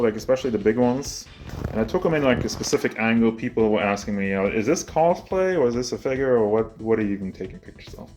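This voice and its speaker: A man touring his toy collection at home, rambling and self-mocking, out of breath as he moves around with a handheld camera. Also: mid-range voice. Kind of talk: casual collection tour. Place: home with figure shelves, indoors. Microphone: handheld camera moving around.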